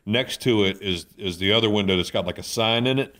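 Animated man with a low voice. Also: fairly quick. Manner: animated storyteller, folksy and joking. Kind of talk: casual chat.

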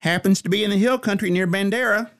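Man doing a twangy Texas office secretary, brisk and hollering, well above his usual pitch. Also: a bit bright. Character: twangy middle-aged woman office secretary.

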